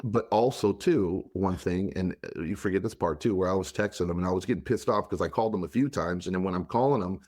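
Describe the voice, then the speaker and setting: Deep-voiced man, rambling podcast chat. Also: quick pace, few pauses. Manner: animated, rambling storyteller, teasing. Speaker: podcast co-host. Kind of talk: casual chat.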